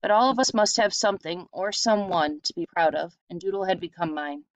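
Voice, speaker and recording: A woman reading a short story aloud in a steady, reflective storytelling manner. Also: lowish voice, fairly quick, no room sound. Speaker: reader. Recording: dull lo-fi sound.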